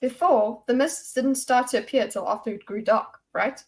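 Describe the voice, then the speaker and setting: A woman's voice: fairly high pitch, normal speed, slightly rough. A woman reading the lines of a determined young woman investigator, in a probing, insistent way.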